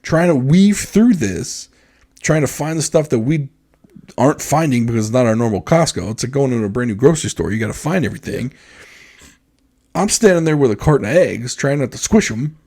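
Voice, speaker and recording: A man's voice: mid-range voice, a little fast. A man co-hosting a podcast, telling a story in casual chat and acting out the quoted voices of others. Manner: animated, acts out quoted dialogue. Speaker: podcast co-host.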